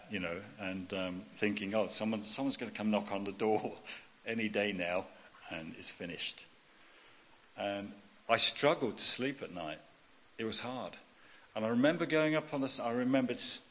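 Middle-aged male pastor, low-pitched, emphatic sermon delivery, long hall echo. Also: fairly bright tone. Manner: personal testimony, emphatic repetition, frequent "okay?". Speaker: preacher.

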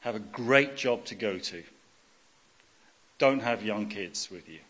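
A man's voice: lowish voice, slow, a bit bright. Middle-aged man preaching in a hall. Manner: personal testimony, emphatic repetition, frequent "okay?". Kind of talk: sermon. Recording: long hall reverb.

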